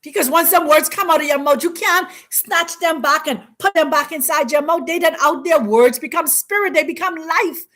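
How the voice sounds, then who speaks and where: Hosting a spiritual teaching session, a woman speaks in a high, slightly bright voice. She preaches emphatically, stretching out and repeating her phrases.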